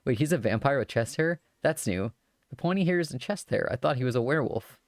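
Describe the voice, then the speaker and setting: Brief: chatty, laughing streamer narrating a game, animated pitch, dry close sound. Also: fairly quick, dry recording. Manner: giggly, chatty, joking asides. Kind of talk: live-streamed visual novel read-aloud with commentary.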